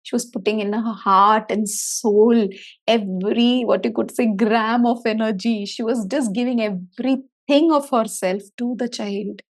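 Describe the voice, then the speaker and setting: A middle-aged woman speaks to parents as a therapist in a motivational talk. Her voice sits fairly high and she speaks expressively, acting out her inner self-talk with lively swings. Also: a little slow. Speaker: therapist for autistic children.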